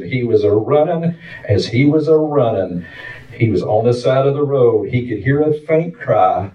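A man's voice: mid-range voice, animated, normal speed, dark tone. A man preaching a fervent sermon, telling a story in plain, colloquial rural speech. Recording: dull, roomy sound from far off.

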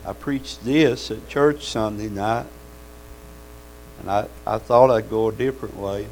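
A man's voice: fairly low pitch, unhurried, darkish tone, a little hiss or hum, rough recording. A man preaching a sermon in a folksy, fervent way, calling out amens and hallelujahs.

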